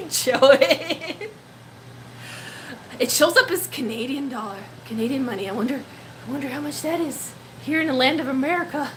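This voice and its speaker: A woman in her twenties chatting casually on a live stream, excitable and gushing, often laughing, her voice a little worn. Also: high-pitched, fast talker, a little hiss or hum. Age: 20s. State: slightly losing her voice. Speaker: pet-keeping live streamer. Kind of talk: casual live stream chat, reading comments.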